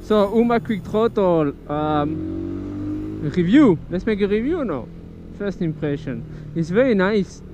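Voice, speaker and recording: A man with a French accent chats while he rides, his voice a touch high and his talk rambling, full of restarts and loose swearing. The sound is dull and muffled, like a helmet camera, and heavy city traffic roars around him. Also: lively intonation, takes it slowly. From France. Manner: rambling, self-correcting, swears freely. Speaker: motovlogger. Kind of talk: casual riding vlog talk. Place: on a motorcycle in city traffic outdoors. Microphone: helmet-mounted action camera. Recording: dull action-camera audio with loud traffic noise. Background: traffic and engine noise.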